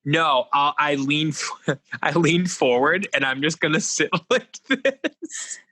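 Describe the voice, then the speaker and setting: A man's voice: on the high side, takes it slowly, pushed and bright, dry recording. A man co-hosting a podcast from his phone over a laggy video call, flustered and laughing at his connection trouble. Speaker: podcast co-host.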